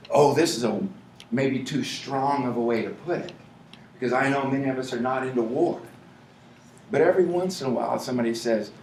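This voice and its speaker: A man giving a rambling motivational speech to an audience, often laughing and building up to shouting. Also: on the high side, a little hiss or hum. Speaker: motivational speaker at a company event. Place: event hall with an audience. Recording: echoey hall, mic from far off.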